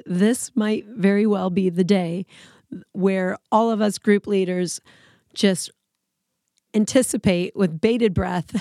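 A woman teacher hosting a podcast in casual talk, hoarse and scratchy as she recovers from laryngitis, chatty and laughing between phrases. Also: medium pitch, a little mellow, no echo, clean studio sound.

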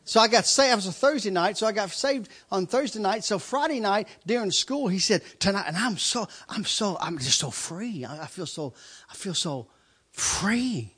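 A man's voice: high-pitched, lively intonation, moderate pace, fairly bright tone, husky. A middle-aged man telling his testimony in a loose, rambling story. He laughs often and stumbles over repeated words. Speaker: speaker giving a testimony.

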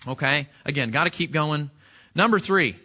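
A man's voice: a little high, animated, moderate pace, sharp tone, muffled recording. A man preaching a sermon as pastor, talking to the congregation in a conversational way and asking rhetorical questions.

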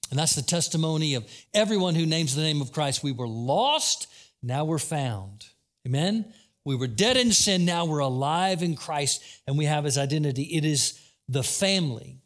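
Man, pastor, sermon, high voice, animated preaching, asks the congregation questions. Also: moderate pace. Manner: animated preaching, acting out quotes, asking the congregation.

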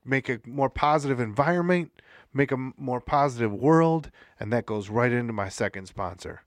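A man's voice: normal speed, no echo, studio quality. Man rambling through a podcast ad read. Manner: rambling, reads statistics in a playful ad pitch. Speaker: podcast co-host. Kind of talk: casual chat with sponsor reads.

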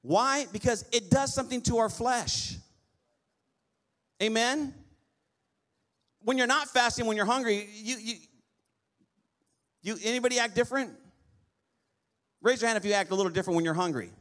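A male pastor preaching a lively sermon, often asking the congregation for an amen. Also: very high-pitched, moderate pace, pauses often. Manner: lively preaching with call-and-response amens.

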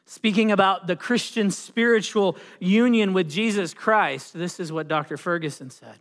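A man preaching a sermon as pastor, telling a story with dramatic pauses and swelling emphasis. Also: sits high. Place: church sanctuary. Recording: long reverb of a church hall.

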